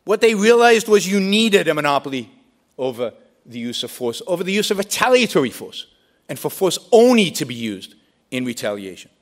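A man's voice: a little high, very animated, fairly quick. A man giving a debate speech in an emphatic style, building points with rhetorical questions and repeated phrases.

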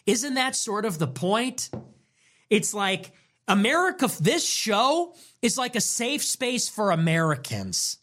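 A talk show host delivers a heated monologue in a lively, up-and-down voice. The talk is profane and emphatic, with phrases repeated for weight. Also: medium pitch, slow.

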